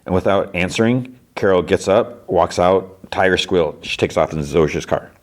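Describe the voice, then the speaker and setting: A man's voice: low-pitched, moderate pace. A man hosting a podcast, casually retelling a TV episode scene by scene and peppering it with "she's like.". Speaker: podcast host.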